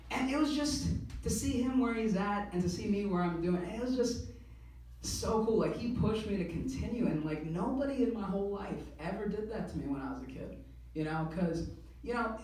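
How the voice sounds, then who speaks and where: Excitable young comic, echoey club. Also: male voice, sits high, far from the mic. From US (California). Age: young adult. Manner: excitable, casual, swears freely, quick laughs. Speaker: stand-up comedian. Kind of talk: stand-up routine.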